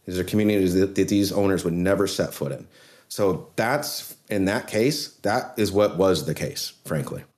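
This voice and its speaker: A man, a trial lawyer guest on a podcast, telling a case story in an earnest, animated way. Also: deep voice, normal speed.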